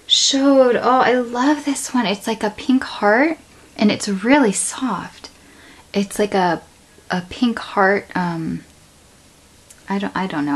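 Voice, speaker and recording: An excited woman vlogger speaks into a camera on a tripod. She gushes breathlessly and keeps dropping to a near whisper. The recording carries a clear layer of background noise. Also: medium pitch, unhurried, long pauses, poor audio. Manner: breathless, gushing, drops to whispers. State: shaking with excitement. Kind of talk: excited unboxing vlog.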